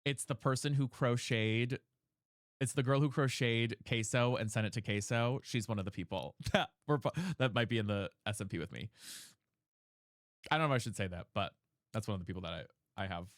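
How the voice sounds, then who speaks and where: A man's voice: lowish voice, brisk, no echo, studio quality. A young man streamer chatting casually with his chat, reading questions aloud and explaining voice technique.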